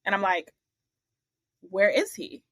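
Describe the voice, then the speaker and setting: A woman talking casually as a podcast guest, retelling her career with lots of energy. She acts out the other people in her stories and throws in blunt, salty asides. Her voice sits at a medium pitch, recorded close and dry. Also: big pitch swings, takes it slowly, no room sound. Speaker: interview guest. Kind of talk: casual storytelling interview.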